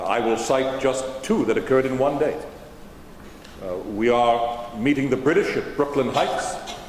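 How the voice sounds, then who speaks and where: A man's voice: medium pitch, darkish tone, slight background noise. Formal, dignified man in a roomy hall. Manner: formal 18th-century diction. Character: General George Washington, dignified older statesman. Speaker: historical interpreter. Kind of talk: first-person historical portrayal. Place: large auditorium stage.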